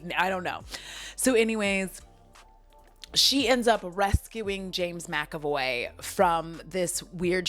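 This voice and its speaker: A woman hosting a casual movie recap vlog, giggly and rambling, with plenty of swearing. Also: medium pitch.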